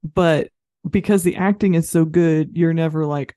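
A woman's voice: sits low, fairly even intonation, moderate pace, warm tone, no room sound, studio quality. A woman co-hosting a podcast, talking about a film in a chatty, easygoing way. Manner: chatty, easygoing, laughs often. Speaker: podcast co-host. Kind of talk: casual film review chat.

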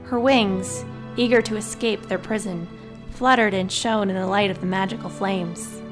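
A woman reading a fantasy novel aloud as scripted narration, in a subdued, measured voice. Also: medium pitch, steady tone, music in the background. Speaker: audiobook narrator.

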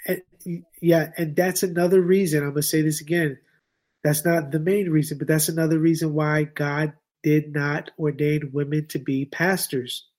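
A man with a somewhat high voice talks as a podcast guest, using loose slang and hammering points home by repetition. His delivery is informal and conversational. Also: flat delivery, normal speed, a little mellow. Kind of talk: casual chat.

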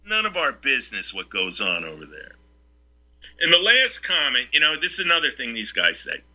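A man's voice: medium pitch, wildly swooping pitch, fairly quick, bright, forceful tone. Male radio host, combative rhetorical rants, piercing tone, muffled radio sound. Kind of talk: talk radio commentary.

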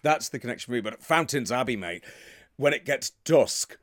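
A man's voice: mid-range voice, animated, fairly quick, a bit bright, no room sound. Chatty man with a dry close sound. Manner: enthusiastic, digressive storyteller. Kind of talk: casual chat.

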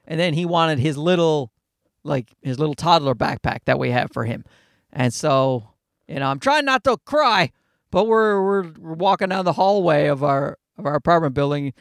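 A man with a high, gravelly voice talks straight to his viewers in a loose, unscripted vlog. He is blunt and swears freely, and his pitch swings widely as he stumbles and restarts mid-thought. The sound is dry and close. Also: a bit bright, no room sound. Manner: blunt and profane, with many restarts. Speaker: vlogger. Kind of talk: casual personal chat to camera.

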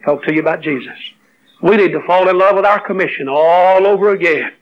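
High-voiced preacher on a dull recording. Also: male voice, a little fast. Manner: emotional storytelling, rising to fervent exhortation. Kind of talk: sermon.

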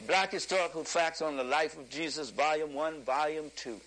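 A man with a high, bright voice delivers a fiery lecture to a live audience. He talks like a preacher, building his points until he is shouting. He chuckles along the way. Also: normal speed, rough recording. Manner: preacherly, emphatic, rising to shouts.

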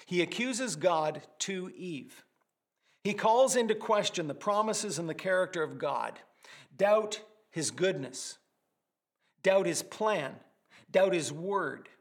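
A pastor preaching a sermon, animated and vivid, with vivid word pictures and humorous asides. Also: male voice, fairly high pitch.

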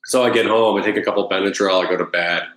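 Man, very low voice, rambling first-person story, echoey room; repeats himself, voices his old thoughts. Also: fairly even intonation, fast talker, fairly bright tone. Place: Los Angeles.

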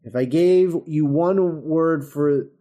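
A man's voice: fairly high pitch, slow pace, warm tone. A man co-hosting a casual podcast chat, talking in an enthusiastic, emphatic way. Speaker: podcast co-host.

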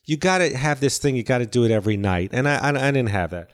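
An older man talks as an interview guest, wandering through stories with constant restarts and self-deprecating asides. His voice comes through smooth and clear, at an ordinary middle pitch. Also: animated, quick pace. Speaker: guest, actor and comedian. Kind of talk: casual interview chat.

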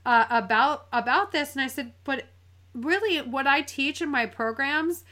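Bright, earnest woman podcast host. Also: high voice, unhurried. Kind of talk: casual podcast chat.

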